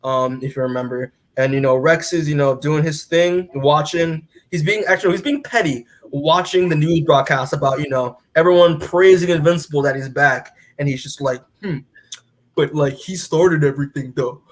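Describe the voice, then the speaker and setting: A man's voice: fairly high pitch, moderate pace, few pauses. A man casually recapping a comic book as a podcast co-host, rambling with lots of filler words and casual swearing.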